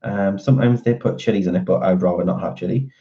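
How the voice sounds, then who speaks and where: Man, very deep voice, casual rambling chat, ums and restarts, muffled lo-fi sound. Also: fast. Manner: rambling, with many fillers and restarts. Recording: dull lo-fi audio.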